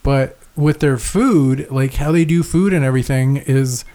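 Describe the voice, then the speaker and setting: A man's voice: mid-range voice, a little slow, mellow. A young man co-hosting a podcast in casual chat, rambling, swearing and laughing often. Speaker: podcast co-host.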